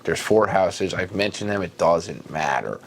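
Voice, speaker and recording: A man co-hosting a podcast, retelling a story in an animated, mock-dramatic way with big swings in his voice. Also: low voice, measured pace, vocal fry, a little hiss or hum. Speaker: podcast co-host. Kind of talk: comedic casual retelling.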